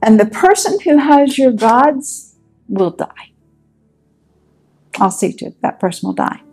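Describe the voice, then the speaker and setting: A woman's voice: fairly high pitch, sing-song, measured pace, darkish tone, slightly rough, faint music behind, heavily acted, rough recording. A woman voicing Laban, an angry old father-in-law who bursts out in accusations. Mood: indignant. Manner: blustering, accusing.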